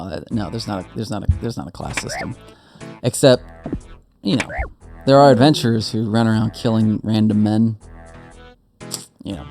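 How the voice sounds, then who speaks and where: A man's voice: medium pitch, dark tone. A man giving casual, joking commentary while playing a game, rambling and laughing often. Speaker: gaming streamer.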